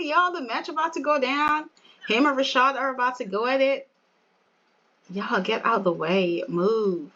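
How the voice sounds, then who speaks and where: A woman giving casual gameplay commentary, excitable, exclaiming and laughing as she talks straight to her viewers. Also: sits high, takes it slowly, long pauses, highs cut off. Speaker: let's play gamer.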